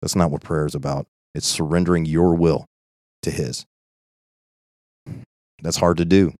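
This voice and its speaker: A man's voice: very deep voice, steady tone, unhurried, pauses often, darkish tone, dry recording, clean studio sound. A man teaching an informal Bible study in an earnest, conversational way, often checking in with "okay?".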